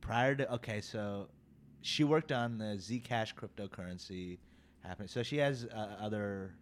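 Low-voiced man with faint background noise. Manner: measured, insistent, reads facts aloud. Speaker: podcast co-host. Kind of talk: casual chat.

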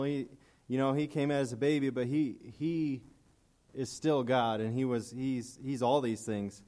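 A man's voice: mid-range voice, fairly even intonation, unhurried, mellow. Man, casual church sermon, earnest, emotional, reads scripture then comments. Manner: earnest and emotional, laughs between points. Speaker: preacher.

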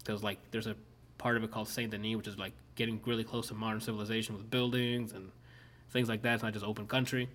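A man's voice: fairly low pitch, little pitch movement, fast, fairly bright tone, slight background noise. Rambling, swearing young streamer man. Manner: rambling, swears a lot, many fillers. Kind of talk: casual chat.

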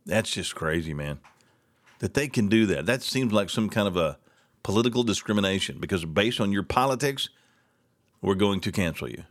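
A middle-aged man hosting a solo talk show, ranting with sarcastic indignation. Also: lowish voice.

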